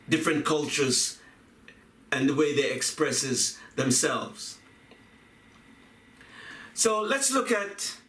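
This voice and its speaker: A man giving a reflective talk on poetry and music, speaking deliberately, repeating phrases and chanting rhythms aloud. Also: on the high side, fairly bright tone. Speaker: video essayist on poetry and music. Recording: echoey room, voice from a distance.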